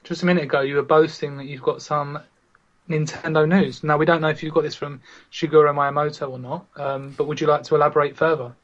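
A man's voice: fairly high pitch, fast talker. A man hosting a gaming podcast in casual chat, playful and teasing, leading the talk. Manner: playful, teasing, animated storytelling. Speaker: podcast host. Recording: slightly dull lo-fi sound.

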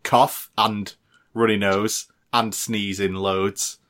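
A man's voice: fairly low pitch, flat delivery, slow, fairly bright tone. A British man co-hosting a casual podcast, trading dry, teasing banter. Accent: British English. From Britain. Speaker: podcast co-host. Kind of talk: casual chat.

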